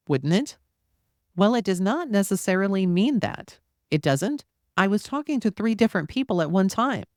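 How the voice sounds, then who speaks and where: A woman with a lowish voice reads a courtroom transcript aloud for a true crime podcast, taking both the questioner's and the witness's lines in a steady, even delivery. Between passages she drops into loose, casual asides. The sound is dry and close, with no room around it. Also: dry recording. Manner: reads both sides of a cross-examination in a plain, steady voice. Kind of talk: reading a trial transcript aloud.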